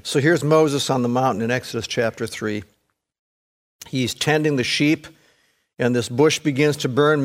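A male pastor preaching a sermon, telling a Bible story with emphatic rising questions. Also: mid-range voice.

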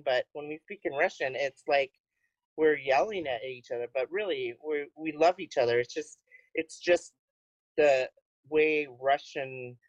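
A woman with a lowish but lively voice, co-hosting a casual podcast. She rambles through her points with hesitant fillers, recorded dry and close. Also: no room sound, lo-fi sound. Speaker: podcast co-host. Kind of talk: casual chat.

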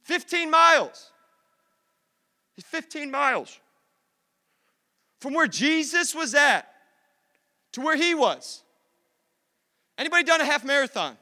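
A male pastor preaches with fervent, conversational energy, hammering points through repetition. His voice sits very high and bright, and it rings out with the long reverb of a church hall. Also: big pitch swings, slow, long pauses. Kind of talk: sermon. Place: church sanctuary.

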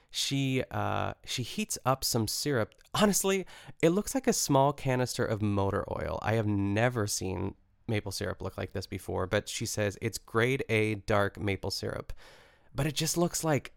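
A young man hosts a casual podcast, recapping a cooking show in a chatty, rambling way with plenty of fillers and self-corrections. His voice sits fairly low and has a noticeable gravelly fry. The sound is dry, with no room echo. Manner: chatty, amused asides. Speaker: podcast host.

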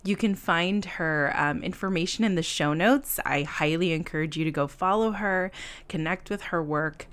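Gushing, low-pitched woman hosting a podcast. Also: moderate pace, a bit bright, smooth. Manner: gushing, enthusiastic, lots of fillers. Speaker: podcast host. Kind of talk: casual podcast interview.

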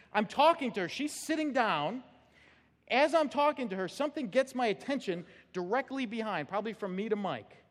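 Lively high-voiced male pastor in a reverberant church. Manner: storytelling, animated, laughing at own anecdote. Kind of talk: sermon. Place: church sanctuary. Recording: long hall reverb.

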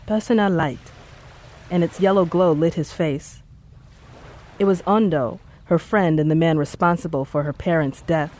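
An audiobook narrator reading a story in a measured, steady way. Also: mid-range voice. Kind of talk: scripted narration.

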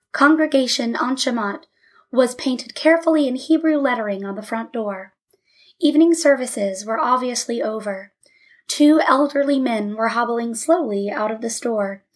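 A woman reads a story aloud in a voice that sits a little high. She moves between narration and dialogue, giving the characters only light changes of voice. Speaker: audiobook narrator. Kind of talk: scripted narration.

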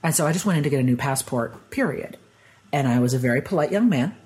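A man guest on a podcast, telling personal stories in a rambling, animated way full of "like". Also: medium pitch, fast, low-quality recording. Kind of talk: conversational storytelling.

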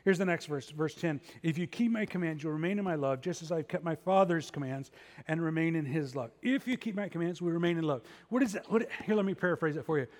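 A middle-aged pastor preaches a sermon in a fairly high voice, talking fast with a slightly mellow quality. He keeps it conversational and adds self-deprecating asides. The long reverb of a large hall surrounds his voice.

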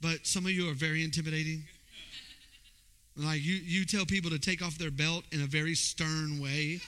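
High, sharp-voiced man preaching. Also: normal speed, clean tone. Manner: animated, acts out voices in his stories. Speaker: pastor. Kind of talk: storytelling sermon.

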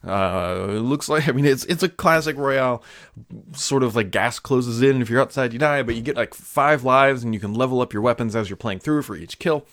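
A man's voice: medium pitch, a little fast, a bit bright, no echo, studio quality. A man hosting a casual solo tech news show, chatty and offhand, with frequent fillers and asides.

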